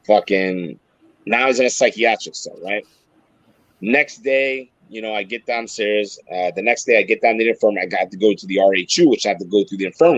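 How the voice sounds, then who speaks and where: A man's voice: lowish voice, slightly rough, no echo, rough recording. A man co-hosting a podcast, telling a jail story in casual, profane chat and acting out what people said. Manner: animated, profane, acts out quoted voices. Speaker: podcast co-host, former corrections supervisor.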